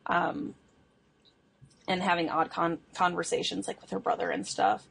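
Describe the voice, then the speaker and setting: A young woman co-hosting a podcast, casually telling a true crime case, chatty and quick to laugh. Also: on the low side, little pitch movement, gravelly, a bit bright, slightly rough. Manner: chatty storytelling, laughs often, swears. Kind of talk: casual chat.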